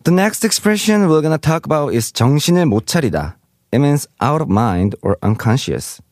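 Guy teaching korean phrases, super quick, lively up and down voice, dry close sound. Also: on the high side, no echo, faint music behind. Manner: reads example sentences aloud, then translates them. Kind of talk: explaining vocabulary.

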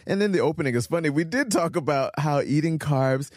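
A man's voice: fairly high pitch, animated, brisk, no echo, studio quality. A man hosting a radio show in casual chat, talking in a chatty way with laughs and lots of fillers. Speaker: radio host.

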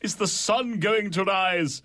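A man's voice: high-pitched, takes it slowly, fairly bright tone, no echo, voice pushed up. A man voicing a teasing young woman, amazed at her friend, in a put-on British accent.

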